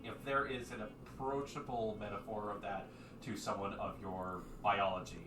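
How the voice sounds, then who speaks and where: A man's voice: on the low side, level tone, moderate pace. A man narrating as game master in a casual, filler-heavy way, recorded at a distance in an echoey room with background noise.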